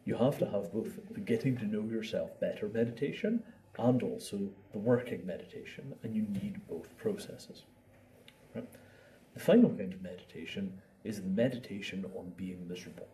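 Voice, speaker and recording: Low, dark-voiced man teaching meditation. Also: moderate pace. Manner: conversational, acts out inner thoughts and repeats words. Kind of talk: informal spoken talk on meditation. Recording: distant mic with faint ambient noise.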